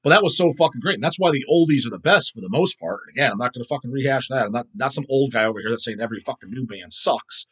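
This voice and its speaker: A man with a husky, somewhat breathy voice at an ordinary pitch rants casually about music on his own show. He talks bluntly, swears constantly and rambles through restarts and asides. He is recorded on a phone. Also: rapid-fire, few pauses, a bit bright. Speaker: host answering viewer questions. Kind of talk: casual profane rant.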